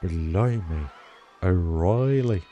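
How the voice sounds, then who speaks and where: Chatty man streaming, low mellow voice. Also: animated, drawn-out words, lo-fi sound. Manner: chatty, laughs often, reads chat aloud. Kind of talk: casual live-stream chat. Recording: faint music behind.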